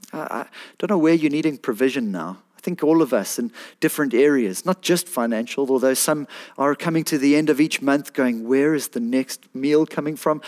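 A man preaching, his voice pitched a little high for a man. He talks in an animated, pleading way and builds to emphatic peaks. It sounds like a sermon from a pastor to his congregation.

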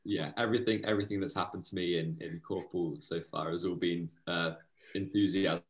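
A man's voice: deep voice, fairly even intonation, brisk, poor audio. A young man talking as an interview guest, keen but hesitant, with many uhs and ums. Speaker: university player and committee member. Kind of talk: casual interview chat.

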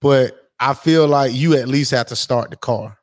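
Man co-host, casual chat, jokey animated storyteller, close dry sound. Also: mid-range voice, a little slow, no room sound. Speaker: podcast co-host.

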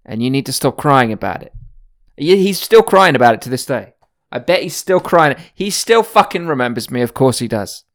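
A man's voice: mid-range voice, sing-song, moderate pace. Male podcast host with a mixed British accent, crude and boastful, rambling comic monologue. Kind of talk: rambling comedic rant.

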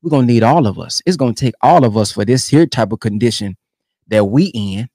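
A young man giving emphatic, animated commentary on a sermon clip he is reacting to. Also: medium pitch, fairly quick, dry recording, studio quality. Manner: animated and emphatic, keeps urging "come on, man". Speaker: online commentator.

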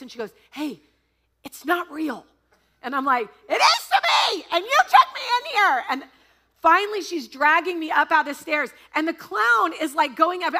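Animated high-voiced woman pastor. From United States. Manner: animated, laughing, dramatic storytelling. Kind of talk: storytelling sermon.

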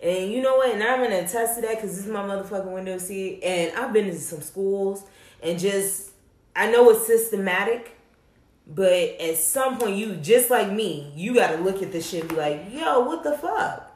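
A young woman talking casually and bluntly, swearing freely and telling stories with animated emphasis. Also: mid-range voice, normal speed, reverberant. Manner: blunt, profane, animated storytelling. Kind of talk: casual candid chat.

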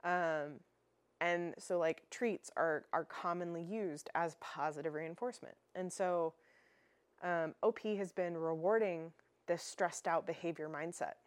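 Chatty woman podcaster, low voice. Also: fairly even intonation, measured pace, no echo. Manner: chatty, with frequent fillers and restarts. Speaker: dog training podcast host. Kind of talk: casual solo podcast explanation.

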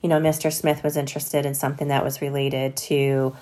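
A woman's voice: very deep voice, level tone, fairly quick, warm tone. A woman who leads a corporate foundation, answering interview questions in a conversational, upbeat way with frequent hedges.

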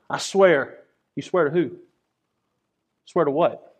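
Preacher guy, kinda high voice, earnest and chatty, repeats himself a lot. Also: takes it slowly, husky. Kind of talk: sermon.

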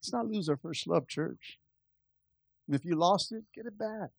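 A man's voice: high voice, expressive, normal speed, creaky, breathy edge, dry recording. A man pastor preaching a conversational sermon, calling out to the church and building to impassioned stretches. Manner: impassioned, rising in volume.

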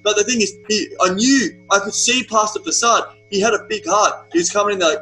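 A man's voice: high-pitched, quick pace, few pauses, bright, forceful tone, slight background noise, rough recording. A young man who coaches men's retreats, talking bluntly and with lots of profanity while telling stories as a guest on a podcast. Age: young adult. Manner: blunt, profane, emphatic storytelling. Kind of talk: podcast conversation.

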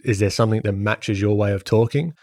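A man's voice: fairly low pitch, fast talker, darkish tone, no echo, studio quality. A man and podcast co-host chatting casually, rambling and explaining with lots of restarts. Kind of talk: casual chat.

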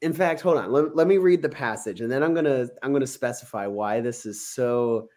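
A man's voice: medium pitch, brisk. Chatty man explaining scripture. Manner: conversational, animated, acts out quotes with a chuckle. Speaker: podcast co-host discussing scripture. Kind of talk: casual Bible discussion.

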